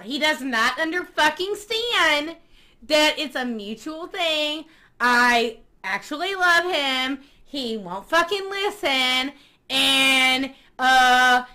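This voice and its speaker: A woman playing a crude, excitable female superfan who swears constantly and talks dramatically. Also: high voice, exaggerated voice. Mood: ranting. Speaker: fan club member. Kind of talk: comedy sketch acting.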